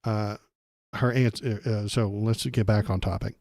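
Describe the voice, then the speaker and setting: Man, streamer host, sarcastic and profane, low voice, dark tone. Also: steady tone, unhurried, no room sound, studio quality. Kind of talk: ranting political commentary.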